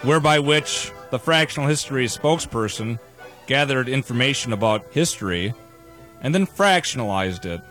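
A man's voice: mid-range voice, expressive, normal speed, a bit bright, faint music behind. A man hosting a live radio show in a studio, talking in a wordy, playfully pompous way with casual banter.

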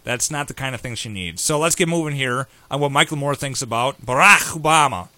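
A man's voice: medium pitch, bright, forceful tone. Brash sarcastic radio host man. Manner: brash, sarcastic, rapid-fire. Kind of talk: opinionated talk radio banter. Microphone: studio microphone.

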